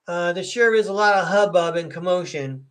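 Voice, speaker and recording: A man's voice: high-pitched, moderate pace, a bit bright, clear, resonant tone. A middle-aged man giving a chatty, upbeat live tarot reading and speaking to viewers by name. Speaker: tarot reader hosting a live stream.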